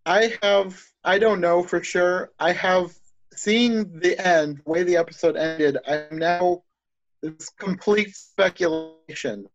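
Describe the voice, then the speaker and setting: A man's voice: sits high, takes it slowly. Enthusiastic man with a muffled dry sound. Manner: enthusiastic, rambling, thinks aloud with restarts. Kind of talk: casual chat.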